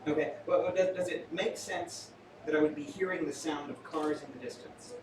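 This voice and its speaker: A man with a slightly high voice works a small room as a stage mentalist, his patter theatrical and full of teasing jokes. He sounds set back from the microphone in an echoey space. The murmur of the room hums clearly behind him. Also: steady tone, moderate pace. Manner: playful, theatrical, jokey asides to the crowd. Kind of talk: live stage magic patter with audience. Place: small restaurant venue with live audience. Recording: echoey room, far from mic, audience noise.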